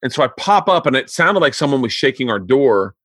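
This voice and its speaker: A man's voice: medium pitch, big pitch swings, fairly quick, a bit bright, no room sound. A man hosting a podcast, telling family stories in casual chat and laughing as he goes. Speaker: podcast host.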